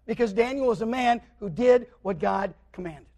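A man preaching a sermon, animatedly retelling a scripture story and acting out the characters, swinging between loud and quiet. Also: sits high, moderate pace.

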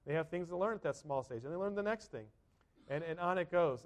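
A man preaching a sermon to a congregation, conversational, often asking the listeners questions. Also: sits high. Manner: conversational, asks the congregation questions, acts out quotes. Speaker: pastor.

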